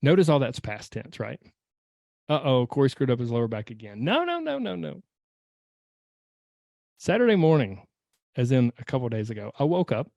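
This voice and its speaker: A man hosting a podcast, telling a personal story in a casual, animated way and acting out his own inner voice. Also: mid-range voice, brisk, dry recording, clean studio sound. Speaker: podcast host and weight-loss coach.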